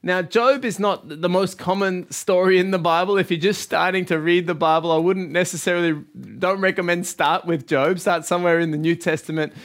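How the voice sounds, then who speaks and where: Upbeat pastor, high voice. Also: male voice, steady tone, fairly quick. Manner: warm, encouraging, conversational. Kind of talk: sermon.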